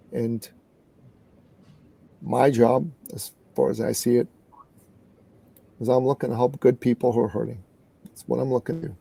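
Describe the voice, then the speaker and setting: A middle-aged man from Canada telling a story in an interview as a guest business coach, earnest and animated. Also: mid-range voice, vocal fry, dry recording.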